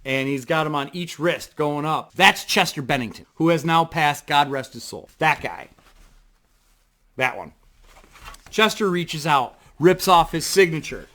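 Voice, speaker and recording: A man vlogging from his home desk, telling a story in a rambling, excitable way, full of fillers and the odd swear word. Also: medium pitch. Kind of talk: casual storytelling to camera. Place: home desk in front of a computer.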